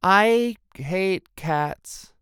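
A man's voice: fairly high pitch, lively intonation, moderate pace, fairly bright tone, clean tone, dry recording, clean studio sound, voice pushed up. A man voicing a squealing cat-crazy young woman. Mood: giddy.

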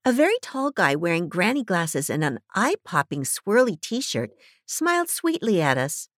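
A woman narrating a story in the first person with a wry, animated delivery. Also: on the low side, normal speed, no echo, clean studio sound. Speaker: audiobook narrator.

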